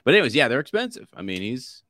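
A man's voice: medium pitch, sing-song, fast talker, a bit bright, dry recording, studio quality. A man co-hosting a podcast, talking in a rambling, casual way with restarts and laughs. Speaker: podcast co-host. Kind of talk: casual book discussion.

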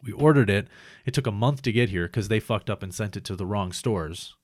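A man's voice: fairly low pitch, brisk, no room sound, studio quality. A man casually telling a long complaint story, swearing often and acting out the people he quotes. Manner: profane, animated retelling with quoted voices.

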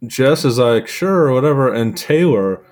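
A man co-hosting a podcast who recaps events in a relaxed, easygoing way with plenty of fillers. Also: mid-range voice, a little slow. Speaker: podcast co-host. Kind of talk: casual chat.

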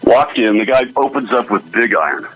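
A man's voice: on the low side, lively intonation, a little fast, a bit bright, husky, poor audio. A middle-aged man, a guest musician, chatting easily on a radio show and telling stories with frequent laughs. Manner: easygoing storyteller, laughs often. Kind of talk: casual radio chat.

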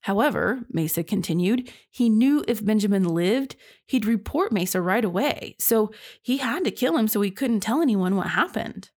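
A woman's voice: medium pitch, animated, moderate pace, hardly any pauses, a little mellow. A young woman hosting a true crime podcast, telling the case in a chatty, casual way and reacting with disbelief. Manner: chatty, reacts with sighs and laughs, says y'all.

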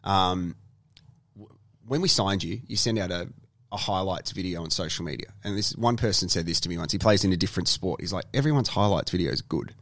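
A man's voice: low-pitched, a little fast, a bit bright, dry recording. A man with an Australian accent hosting a podcast, chatty and teasing his guest. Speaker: podcast host. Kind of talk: casual podcast interview.

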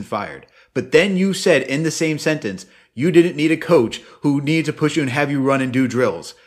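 A man talking sports in casual podcast chat, animated and exasperated as he rants. His voice sits at an everyday middle pitch.

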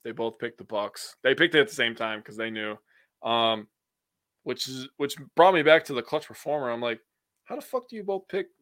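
A man's voice: medium pitch, moderate pace, fairly bright tone, clean tone, dry recording. A young man from Wisconsin co-hosting a sports podcast, talking bluntly and opinionatedly, with some swearing. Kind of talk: casual chat.

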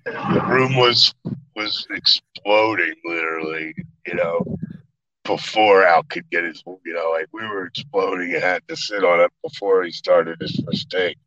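A middle-aged man, an actor being interviewed, telling stories in a casual, animated and profane way, acting out quotes. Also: low-pitched, a little slow, lo-fi sound, slight background noise. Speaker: actor guest.

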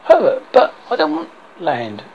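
A man's voice: on the high side, wildly swooping pitch, unhurried, darkish tone, pitched below the performer's own voice, exaggerated voice. A man voicing a meek, whiny young prince pleading with his father, on a dull lo-fi recording with faint hiss. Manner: pleading, petulant.

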